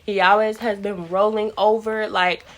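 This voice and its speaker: A woman's voice: mid-range voice, little pitch movement, moderate pace. A young woman vlogger telling a personal story in a chatty, casual way, repeating words and acting out what people said.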